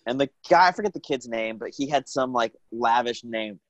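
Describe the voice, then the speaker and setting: A man's voice: mid-range voice, a little fast, no room sound, highs cut off. A man who worked at a comedy club, telling stories in casual chat and acting out the people he quotes. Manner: dry storyteller, backchannels often, acts out quotes. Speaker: former comedy club staffer.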